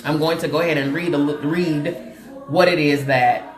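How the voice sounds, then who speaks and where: A woman's voice: low-pitched, steady tone, moderate pace, roomy sound, music in the background. A woman from Chicago hosting a casual motivational livestream, laughing often, repeating herself and checking in with viewers directly. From Chicago, USA. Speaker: host.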